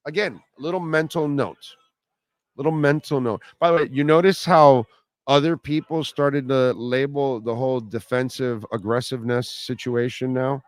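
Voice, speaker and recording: A man's voice: medium pitch, steady tone, normal speed, no echo. Middle-aged guy on sports radio, blunt, rambles and repeats stuff. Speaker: radio show host. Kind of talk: casual sports talk.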